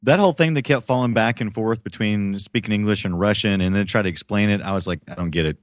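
A man's voice: lowish voice, fast talker, dry recording, studio quality. A man chatting during a movie commentary with a wry, joking manner. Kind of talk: casual movie commentary chat.

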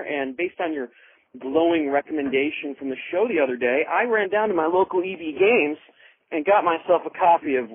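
A man with a slightly husky voice, chatting loosely in a voicemail. The sound is thin and narrow, as over a phone line. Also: medium pitch. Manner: rambling, casual. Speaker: caller. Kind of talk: voicemail message.

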